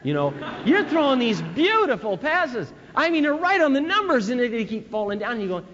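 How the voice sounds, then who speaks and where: A man preaching a sermon, telling stories in an animated way that swings from loud to hushed. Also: extremely high pitch, a little fast. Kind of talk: sermon on parenting. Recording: dull lo-fi recording with long hall reverb.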